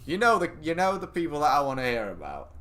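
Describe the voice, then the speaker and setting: A man's voice: a little high, wildly swooping pitch, fast, sharp tone. A young British man chatting casually on a gaming livestream, rambling between topics, answering chat and swearing loosely. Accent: British English. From Britain. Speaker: gaming streamer.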